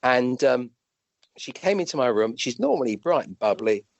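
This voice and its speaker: British male guest, a doctor telling anecdotes; chatty, restarts a lot, pitch leaps up, dry room. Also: moderate pace, gravelly, dry recording, highs cut off. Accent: British English. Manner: animated, rambling anecdotes with restarts and acted-out quotes. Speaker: guest, physician and medium. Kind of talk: conversational storytelling.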